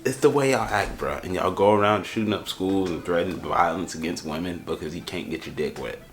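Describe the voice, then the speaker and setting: A young man with a notably low, deep voice delivers a comedic roast as reaction commentary. He rants in loose slang, sounding exasperated, and often stammers and restarts mid-thought. A faint music bed runs quietly under him. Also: a little fast.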